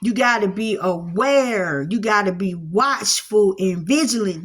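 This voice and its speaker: This woman speaks a little slowly in an expressive, mid-range voice, giving a casual spiritual talk to camera at home with dogs resting at her feet. A spiritual teacher, she falls into a folksy Southern preacher cadence and repeats her phrases.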